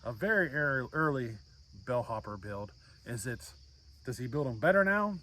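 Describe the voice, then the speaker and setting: A man's voice: medium pitch, sing-song, normal speed, sharp tone. A man hosting a chainsaw channel, chatting casually to the camera in a folksy, rambling way with lots of fillers, outdoors.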